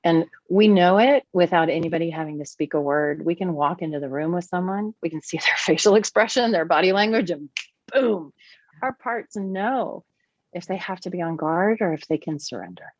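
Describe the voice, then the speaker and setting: Animated low-voiced woman, dull recording. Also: moderate pace, no room sound. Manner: animated, warm and expressive, with big swings in pitch. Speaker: podcast guest and teacher. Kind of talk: conversational podcast interview.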